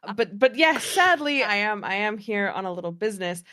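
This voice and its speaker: A woman's voice: medium pitch, animated, brisk, bright, forceful tone. A woman playing a tabletop game, chatty and enthusiastic. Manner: chatty, enthusiastic, restarts often. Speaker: player. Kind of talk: tabletop role-play chat.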